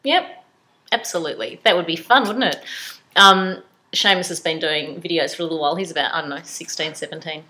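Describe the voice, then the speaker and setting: A middle-aged woman hosts a casual home vlog, talking straight to camera. Her voice is bright and sharp, and she is chatty and giggly as she goes. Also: sits low, a little fast, rough recording. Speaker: vlog host. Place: home living room by an open fire.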